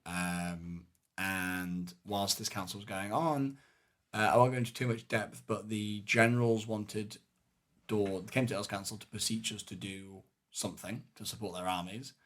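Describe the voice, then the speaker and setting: A very low-pitched man chatting casually on a podcast. He retells events in a rambling, animated way, tripping over fillers and restarting sentences as he goes. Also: measured pace. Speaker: podcast co-host. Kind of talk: casual chat recapping a live-action game event.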